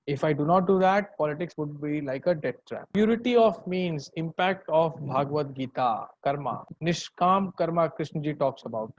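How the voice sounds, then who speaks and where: A man's voice: a little high, a little mellow, husky, dry recording, highs cut off. Indian man teaching an online class. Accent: Indian English. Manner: conversational, mixes in Hindi words. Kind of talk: online lecture.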